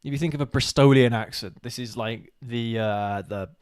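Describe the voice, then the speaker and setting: A man's voice: medium pitch, normal speed, clean tone. A man with a West Country twang chatting on a live show, laughing often and mocking himself. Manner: laughs a lot, self-mocking, restarts. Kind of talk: casual chat, trying movie-quote accents.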